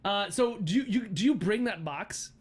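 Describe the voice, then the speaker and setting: Giggly, high-voiced male game master. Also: animated, moderate pace, background noise. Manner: giggly, rambling narration full of fillers. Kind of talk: narrating a tabletop game on a livestream.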